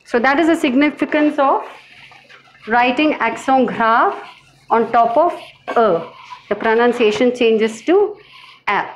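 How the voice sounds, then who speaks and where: A woman teaching a language lesson, speaking slowly and carefully, repeating each word for her learners. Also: on the high side, a little hiss or hum, poor audio. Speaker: French teacher. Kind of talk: slow classroom lesson.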